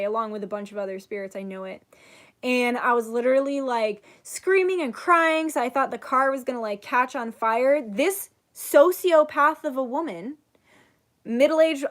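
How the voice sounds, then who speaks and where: High-voiced swearing young woman storyteller. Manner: animated, swears freely, acts out quotes. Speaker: channel host, psychic reader. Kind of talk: casual storytelling chat.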